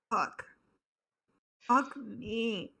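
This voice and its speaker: A woman streamer reacting to a fan game, loud and swearing, swinging between shouting and near tears. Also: a little high, creaky, husky. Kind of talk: emotional reaction commentary.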